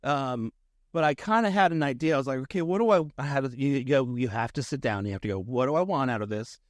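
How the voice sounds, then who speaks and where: Middle-aged comic guy on a podcast, rambly and self-deprecating, mid pitch, dry close sound. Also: fast, no room sound. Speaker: guest comedian. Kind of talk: casual podcast chat.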